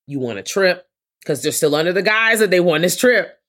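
Low-voiced profane woman podcaster. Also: a little fast. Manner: blunt, profane, animated. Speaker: podcast co-host. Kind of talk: casual chat.

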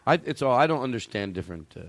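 A man's voice: medium pitch, expressive, racing, fairly bright tone, dry recording. Rambling man hosting a comedy podcast. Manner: rambling, self-correcting. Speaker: podcast host. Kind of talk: casual comedy podcast chat.

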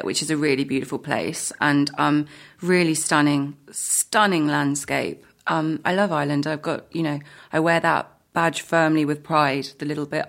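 A woman's voice: sits low, gravelly, fairly bright tone. A woman, an actor, chatting in an interview, hesitant with many fillers and restarts, laughing often. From Britain. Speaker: actor guest. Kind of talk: casual interview chat.

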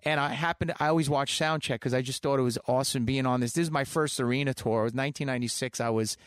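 A man in his thirties, a guest musician telling stories in a casual interview, animated, laughing often and trailing off with fillers. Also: mid-range voice, racing, smooth, dry recording, studio quality. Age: 30s.

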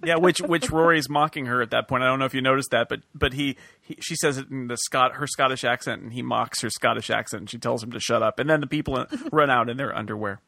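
Bright-voiced man hosting a podcast. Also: medium pitch, fast, gravelly, few pauses, no room sound, clean studio sound. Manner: relaxed, chatty, trailing off with fillers. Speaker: podcast host. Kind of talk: casual chat. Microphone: computer mic on a voice call.

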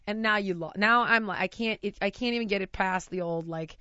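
A woman telling a funny story in a casual chat, animated and laughing as she mimics the people in it. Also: mid-range voice, fairly quick, no room sound. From United States. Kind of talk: casual anecdote. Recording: dry, slightly dull lo-fi recording.

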